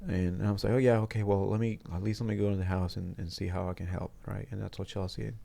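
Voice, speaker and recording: Male interview guest, low gravelly voice, earnest and halting, restarts sentences often. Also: flat delivery, warm tone. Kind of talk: personal storytelling in a studio interview. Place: studio.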